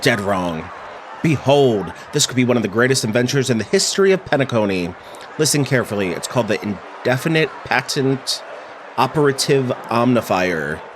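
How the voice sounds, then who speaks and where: Casting: boastful, greedy little inventor, played by a man, pompous and self-important, mid-pitched. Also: very animated, normal speed, background noise, close to an everyday voice.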